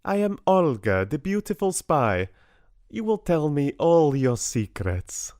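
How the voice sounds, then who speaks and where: A man's voice: a little high, very animated, slow pace, darkish tone, dry recording, studio quality, voice pushed up, exaggerated voice. A man putting on a hammy mock-Russian woman spy. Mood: playful. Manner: hammy, theatrical.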